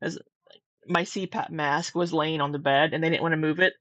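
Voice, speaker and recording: A woman's voice: sits low, fairly even intonation, normal speed, fairly bright tone, dry recording. A woman telling a story in a casual vlog, chatty and full of "like" with frequent laughs. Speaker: vlogger. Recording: dull lo-fi dry sound.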